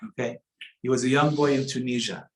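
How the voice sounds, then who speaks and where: A man's voice: medium pitch, steady tone, fairly quick, reverberant, poor audio. A man giving a conversational sermon in a synagogue, mixing in Hebrew terms as he tells a story. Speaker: rabbi.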